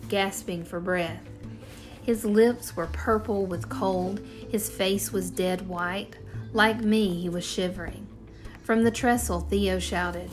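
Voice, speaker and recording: A woman reading a chapter of a storybook aloud in the first person, in steady narration. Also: fairly low pitch. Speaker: audiobook narrator.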